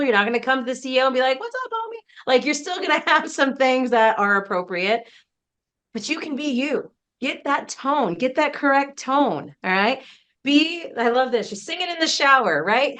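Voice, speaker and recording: A woman's voice: on the high side, a bit bright. A woman business coach presenting a casual webinar, chatty and emphatic, often laughing between points.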